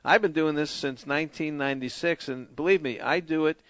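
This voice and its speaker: Jovial radio host, fairly high voice. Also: male voice, a little fast, a bit bright, no echo. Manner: jovial, chatty, laughs easily. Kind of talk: casual radio interview.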